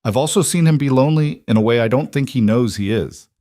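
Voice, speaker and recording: A man voicing a loyal, reserved male driver who speaks quietly and haltingly. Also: mid-range voice, dry recording, clean studio sound, voice pushed up, close to an everyday voice. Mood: hesitant.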